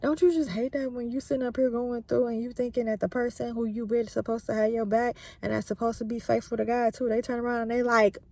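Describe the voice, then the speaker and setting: A scornful wife needles her husband with rhetorical questions, as a woman puts her on. The voice is fairly high and dry. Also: little pitch movement, fast talker, hardly any pauses, darkish tone, no echo.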